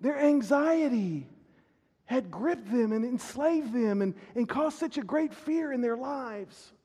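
A man's voice: very high voice, expressive, takes it slowly, a little mellow, breathy edge. A male pastor preaching a sermon earnestly, often repeating words as he builds a point. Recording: reverberant hall.

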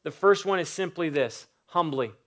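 A man's voice: a little high, lively intonation, normal speed, a bit bright. Emphatic preaching man, raised voice. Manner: emphatic preaching with lists and rising stresses. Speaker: pastor. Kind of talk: sermon.

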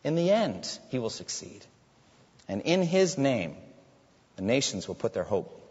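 A man preaching a sermon, swinging from loud proclaiming to hushed asides. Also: lowish voice, big pitch swings, unhurried, slightly rough. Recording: dull audio with long hall reverb.

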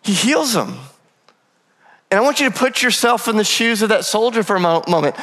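High-voiced preacher in a reverberant hall. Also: male voice, a little fast. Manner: lively storytelling with humorous asides. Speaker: pastor. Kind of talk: sermon. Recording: long reverb of a large hall.

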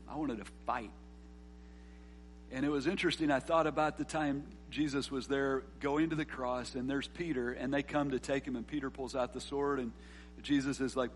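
A man preaching a sermon, earnest, rising to emphatic peaks and dropping soft on key words. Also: mid-range voice, slight background noise. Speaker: pastor.

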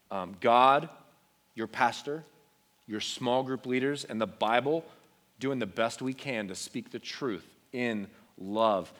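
A young man preaching a sermon to teenagers from a stage, earnest and conversational, dropping to quiet emotional tones. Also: medium pitch, takes it slowly. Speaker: youth pastor.

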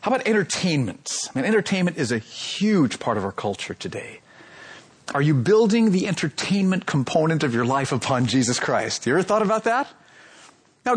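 A man in his role as pastor giving a sermon, calling out questions to his congregation and swinging between loud and soft. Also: high voice, breathy edge.

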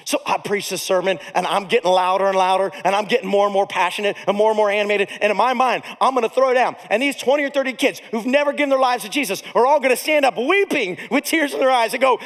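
A male pastor tells a story from the pulpit with a high, very lively voice that leaps up and drops low. His delivery is comic and animated, with big swings in volume, and it rings out through a large hall with a long echo. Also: fairly quick. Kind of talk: storytelling sermon.

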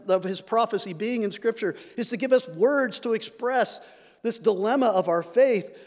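A man's voice: very high-pitched, a little mellow, long reverb tail. A man preaching a sermon, earnest, lifting his voice when he reads scripture aloud.

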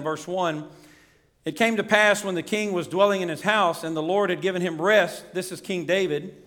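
Animated, high-voiced male preacher. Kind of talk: sermon.

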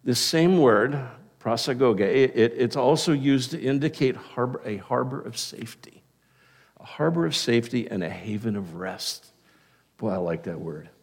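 A man preaching a sermon as a pastor, talking conversationally with frequent restarts and asides, slowing down to stress key words. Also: medium pitch, vocal fry, slightly rough.

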